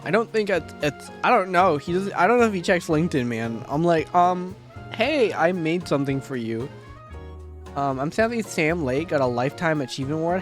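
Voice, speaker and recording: A young man streaming a casual recap, animated and often laughing and swearing. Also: fairly high pitch.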